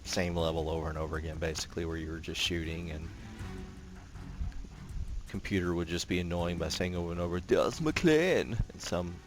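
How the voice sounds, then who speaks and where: A man with a low, deep voice chats casually while he plays a naval warfare game, drifting between tactics and stories with plenty of "uh"s and restarts. Faint game music hums underneath his voice. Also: brisk, long pauses. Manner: relaxed rambling, frequent fillers and restarts. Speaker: gameplay commentator. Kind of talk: casual gameplay commentary.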